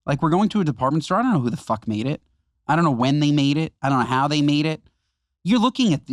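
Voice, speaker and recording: A man's voice: a little high, dry recording, clean studio sound. A man co-hosting a podcast, riffing emphatically and exaggerating for comic effect. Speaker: podcast co-host. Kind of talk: casual chat.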